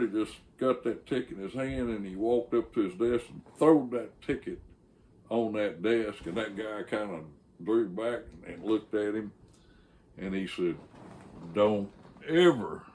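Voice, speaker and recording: A man's voice: on the low side, normal speed, mellow, a little hiss or hum. An older man, the host of his channel, telling a folksy, rambling story with frequent fillers and restarts.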